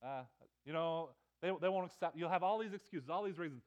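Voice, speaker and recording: Male preacher, high voice, animated, repeats words, loud swells and hushed drops. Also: a little fast, dull audio. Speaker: pastor. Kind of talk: sermon.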